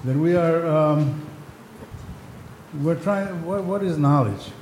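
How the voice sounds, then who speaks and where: Man, panel speaker, halting delivery, long hall reverb, faint background noise. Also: a little high, a little mellow. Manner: hesitant, many ums, raising voice when the mic fails. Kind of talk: informal lecture with a joke.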